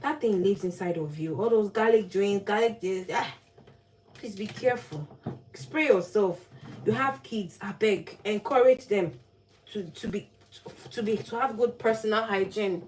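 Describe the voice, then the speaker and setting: A woman's voice: mid-range voice, a little slow, a little mellow. Chatty Nigerian woman, tired, mic at a distance. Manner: chatty, earnest, advice-giving, wordy and repetitive. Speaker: cooking vlogger. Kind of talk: casual chat while chopping vegetables. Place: home kitchen. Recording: distant mic, faint background noise.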